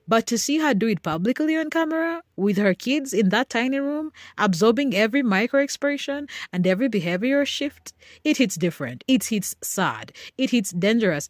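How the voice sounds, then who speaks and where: A woman's voice: mid-range voice, no echo, studio quality. A woman narrating scripted commentary in a dramatic, emphatic way, with short punchy phrases.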